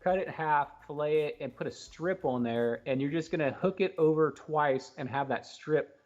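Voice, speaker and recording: A man co-hosting a fishing talk show, explaining gear and rigs in a fast, excited, casual way and laughing often. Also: a little high, lo-fi sound. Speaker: co-host giving fishing tips.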